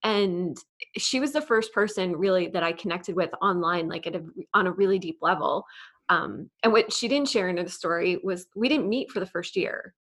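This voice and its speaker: Podcast guest, woman, New York accent, slight lisp, animated storyteller, lots of "like". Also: fairly low pitch, normal speed. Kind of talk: casual interview chat.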